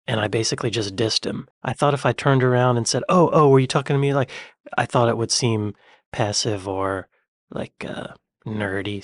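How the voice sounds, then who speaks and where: A man's voice: medium pitch, no echo, clean studio sound. A man hosting a reaction video, chatting casually in a joking, sarcastic way. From United States.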